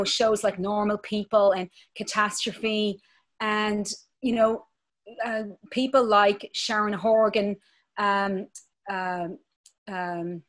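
An Irish woman in her thirties, an actress talking in an interview, animated and passionate. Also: on the high side. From Ireland. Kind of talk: conversational interview.

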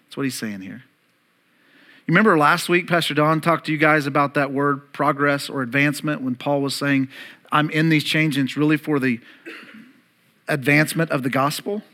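A man in his thirties preaching a sermon to his church, emphatic, rising loud and high and then dropping soft and low, and calling on the congregation to repeat words. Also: fairly even intonation, moderate pace. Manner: emphatic, climbs louder and higher, then drops to soft and low. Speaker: pastor.

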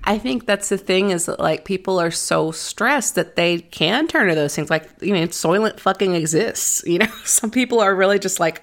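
A woman's voice: lowish voice, normal speed, gravelly. A woman co-hosting a casual podcast chat, swearing freely, saying "like" a lot and laughing often. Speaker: podcast co-host.

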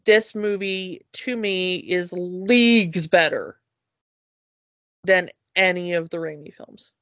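A woman chatting casually and enthusiastically on a podcast, often halting with fillers and restarts. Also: lowish voice, a bit bright, no echo. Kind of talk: casual chat. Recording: dull, lo-fi dry recording.

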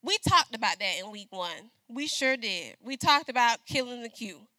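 A middle-aged woman preaches in a loose, talky way, turning often to the congregation for an answer. Her voice is bright and a little high. The sound is dry and close. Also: expressive, moderate pace, dry recording. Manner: conversational preaching, calls out to congregation. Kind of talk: sermon.

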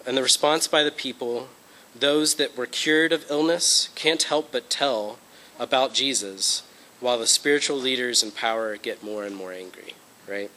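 A man's voice: mid-range voice, normal speed, sharp tone, poor audio. A young man giving an informal Bible lesson, talking through his notes with fillers and "okay?" check-ins. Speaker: Bible study teacher. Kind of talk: informal lecture presentation.

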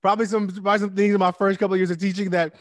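Emphatic, loud-bursting male guest. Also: high voice, level tone, very fast. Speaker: interview guest, teacher and club founder. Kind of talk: casual interview storytelling.

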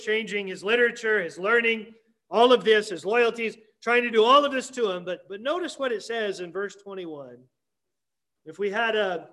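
A man preaching a Sunday morning sermon as pastor, emphatic with dramatic pauses and repetition. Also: high-pitched, pushed and bright.

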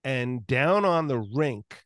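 A man's voice: medium pitch, slow, no room sound, studio quality. Rambling man hosting an interview. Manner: rambling, animated, self-interrupting. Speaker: podcast host. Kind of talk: casual interview chat.

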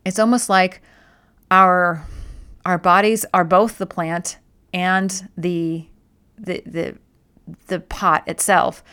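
A woman's voice: lowish voice, a bit bright. A woman speaking as a wellness host in a casual explanatory talk, conversational, often restarting and repeating words.

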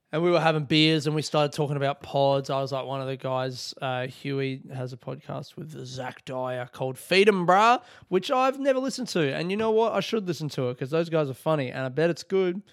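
A man's voice: mid-range voice, clear, resonant tone, no room sound, clean studio sound. A young Australian man hosting his own podcast, chatting casually, swearing and joking sarcastically, with frequent laughs. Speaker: podcast host. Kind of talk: casual solo podcast chat. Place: home room.

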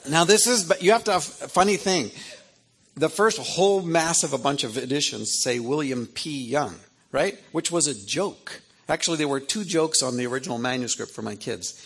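A man's voice: a little high, moderate pace, fairly bright tone, slightly rough. A man in his fifties, an author telling personal stories to an audience in a conversational manner that keeps checking in with "right?". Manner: conversational, keeps asking 'right?'. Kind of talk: personal storytelling talk.

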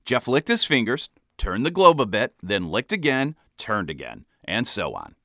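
A man reading his own comic memoir aloud in a wry, deadpan storytelling manner. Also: fairly low pitch, moderate pace, hardly any pauses, dry recording, clean studio sound.

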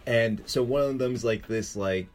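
Man, podcast co-host, animated, laughs often, mid-range voice. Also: medium pitch, measured pace. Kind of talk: casual chat.

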